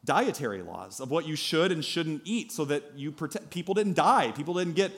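A pastor preaching a sermon at a church service, telling a story in a lively way with asides to the congregation. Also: male voice, a little high, moderate pace.

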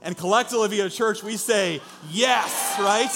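A man's voice: high-pitched, brisk, gravelly, over music. A man preaching a sermon as pastor, with an emphatic, repetitive preaching cadence. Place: church in a former car dealership.

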